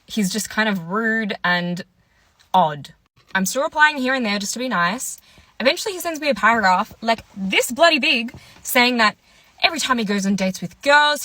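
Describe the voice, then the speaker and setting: A woman's voice: mid-range voice, pushed and bright, no room sound. A young woman in her twenties, casually telling a dating story and acting out what each person said. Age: 20s. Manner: chatty, quotes people in their voices. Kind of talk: casual story time monologue.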